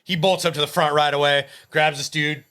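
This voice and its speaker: Bright, higher-voiced man telling wild stories. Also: fairly quick. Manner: animated, profane, acts out the people in his stories. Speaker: podcast co-host, tattoo artist. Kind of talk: casual storytelling chat.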